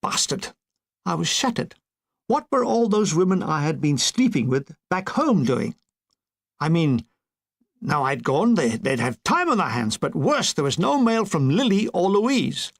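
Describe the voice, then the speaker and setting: A man reading a war memoir aloud as an audiobook, telling it in a wry, expressive way. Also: a little high, measured pace. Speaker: audiobook reader.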